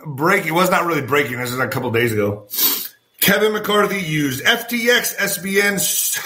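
A man hosting his own political commentary vlog, talking in an animated, profane way and gesturing with his hands as he goes. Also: fairly high pitch. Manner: former boxer. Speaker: show host.

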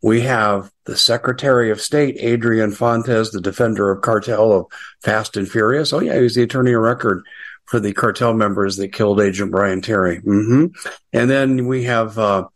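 A man's voice: lowish voice, moderate pace. A middle-aged American man hosting a casual political commentary show, chatty and sarcastic with frequent asides.

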